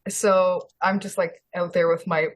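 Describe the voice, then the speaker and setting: A woman's voice: on the low side, little pitch movement, unhurried. A woman playing a tabletop game, explaining her turn in a giggly, playful way. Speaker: player.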